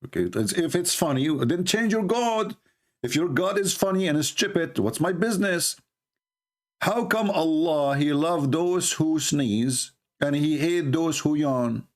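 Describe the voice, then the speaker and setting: A man's voice: on the high side, animated, unhurried. A man giving a sarcastic, mocking monologue as a religious debater, full of scornful rhetorical questions.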